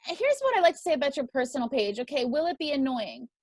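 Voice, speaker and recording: A woman's voice: sits high, very animated, quick pace, darkish tone. A woman teaching a crowdfunding class, upbeat and emphatic. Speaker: crowdfunding instructor.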